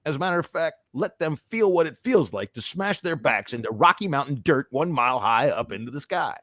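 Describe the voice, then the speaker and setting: A man's voice: a little high, expressive, a little fast, fairly bright tone, no echo, studio quality. A man hosting a casual sports podcast, talking in a profane, fired-up way. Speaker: podcast host.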